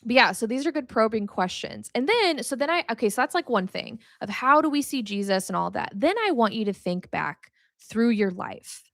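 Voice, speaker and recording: A young woman hosts a podcast about faith, chatting casually, laughing often, and saying "like" a lot. Her fairly high voice has lively intonation at normal speed, recorded in studio quality with no room sound.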